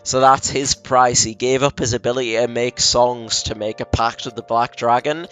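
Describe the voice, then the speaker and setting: A man with a smooth, clear voice tells a story in loose, rambling chat among friends. He drops into quick quoted impressions of the characters. Faint music plays behind him. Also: medium pitch, fairly even intonation, fairly bright tone. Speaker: friend explaining a game plot. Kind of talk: casual drunken chat.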